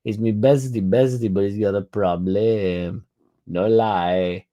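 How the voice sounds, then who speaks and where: A young Englishman with a fairly low, steady, mellow voice speaks slowly. He hosts a fan channel, casually chatting and swearing while reading out live stream comments.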